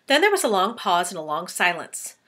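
Brief: lively, bright-voiced female teacher reading aloud to kids. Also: fairly low pitch, brisk. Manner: animated, asks children questions. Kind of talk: storybook read-aloud for children.

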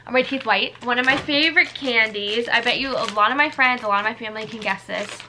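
A vlogger in her twenties from the United States chats casually through a gift haul, gushing and rambling with lots of fillers. Her voice is a little high and quick, and there is background noise.

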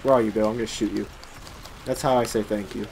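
A man playing a video game with a friend, excitable, often laughing and shrieking. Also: on the low side, fast, creaky, noisy background. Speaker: gamer. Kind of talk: casual gameplay chat.

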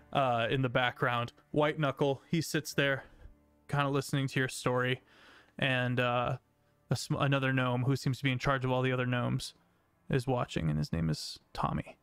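A man narrating a tabletop game as game master, unhurried, with fillers. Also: medium pitch, fairly bright tone, clean tone.

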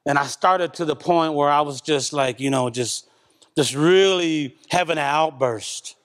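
Brief: loud, candid man sharing testimony, high-pitched voice, long church-hall reverb. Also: measured pace. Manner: loud talker, candid and animated. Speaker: church member giving testimony. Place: church service.

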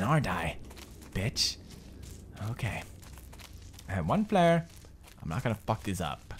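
A man's voice: lowish voice, big pitch swings, unhurried, long pauses, a little hiss or hum. Swearing young man playing a horror game. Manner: swearing, jumpy and loud, mocking the game. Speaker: gamer commentator. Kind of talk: horror game let's play commentary.

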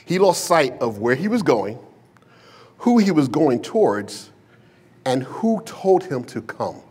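A man's voice: medium pitch, sing-song, slow, a little mellow, husky. A male pastor preaching a sermon to a congregation in a church, mixing humor, slang and rhetorical questions into his storytelling. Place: church sanctuary with a live congregation.

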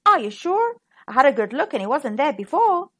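A woman's voice: high voice, very animated, brisk, no room sound. Woman doing a bossy, clucking mother hen. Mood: worried. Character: anxious, protective mother hen.

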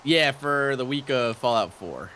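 A man co-hosting a let's play, talking in an easygoing, chatty way with quick laughs. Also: mid-range voice, animated, pushed and bright, slight background noise. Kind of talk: casual gaming chat.

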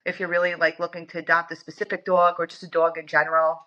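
A woman's voice: on the low side, little pitch movement, fast, sharp tone, muffled recording. A woman guest in a casual interview, talking in a chatty way full of "like" and "you know". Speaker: interview guest, dog owner.

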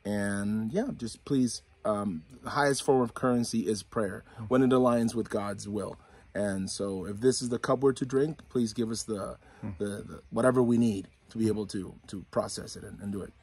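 Man, youth pastor, slightly husky, calm and earnest prayer request. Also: fairly low pitch, moderate pace. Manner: earnest, reassuring, faith-focused. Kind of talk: casual spoken prayer request.

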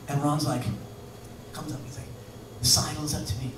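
A man's voice: a little high, level tone, normal speed. A man telling a rambling, laughing anecdote on stage at a bar venue, full of fillers and restarts. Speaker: musician telling a story on stage. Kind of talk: live anecdote. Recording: echoey live room from far off with noise.

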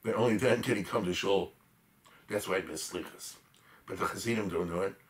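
A male lecturer telling stories to a class in a lowish voice. He talks in an animated, emphatic way and keeps turning to the listeners with chatty asides. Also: fairly quick. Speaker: lecturer on history. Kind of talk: informal storytelling lecture.

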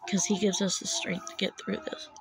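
A woman's voice: medium pitch, level tone, moderate pace, noisy background. A woman, holding back tears as she earnestly pleads with viewers to be saved, repeating herself. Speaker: self-described watchwoman. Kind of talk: urgent religious warning to camera.

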